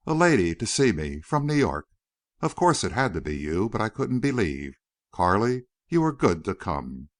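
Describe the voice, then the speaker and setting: Storybook earnest young rancher, read by a man, a bit higher than the narration, animated. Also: normal speed, no echo, clean studio sound. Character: big warm-hearted young rancher, earnest.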